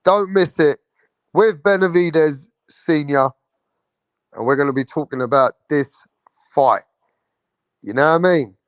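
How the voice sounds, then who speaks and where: A man's voice: on the high side, a little slow, long pauses, no echo. A man hosting a boxing show, chatting casually and slangily straight to his viewers. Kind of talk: casual livestream chat.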